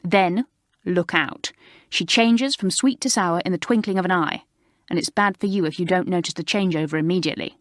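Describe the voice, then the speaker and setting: A woman voicing Moira, a sharp, sneering teenage schoolgirl in an audiobook, cool and mocking. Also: fairly low pitch, moderate pace, no room sound, clean studio sound, lightly acted.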